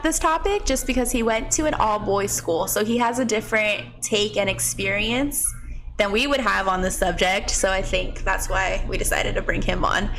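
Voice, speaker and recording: A woman's voice: mid-range voice, fairly bright tone. A young woman co-hosting a podcast, chatting playfully and teasing with frequent laughs. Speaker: podcast co-host. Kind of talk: casual chat.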